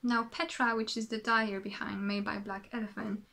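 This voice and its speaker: A woman's voice: mid-range voice, level tone, normal speed, gravelly, pushed and bright. A woman from France with a French accent, chatting casually as a podcast host, rambling and correcting herself as she goes. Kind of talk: casual show-and-tell chat.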